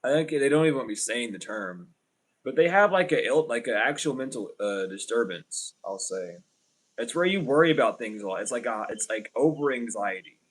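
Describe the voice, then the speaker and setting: A man's voice: mid-range voice, lively intonation, moderate pace. A man giving a casual livestream tarot reading, rambling and blunt, with lots of fillers. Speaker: tarot reader.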